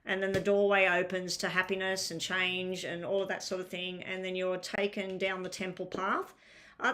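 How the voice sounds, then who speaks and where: A fatigued woman with a crackling, medium-pitched, fairly bright voice hosts a live tarot stream. In a chatty, filler-heavy manner, she talks casually to viewers in chat and asks them to clarify their questions.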